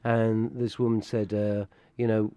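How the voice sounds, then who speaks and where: A man's voice: lowish voice, level tone, a little slow, dark tone, clear, resonant tone, dry recording. Chatty man laughing through an interview. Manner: chatty, laughing, rambling with fillers. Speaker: tribute band member. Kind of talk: casual interview chat.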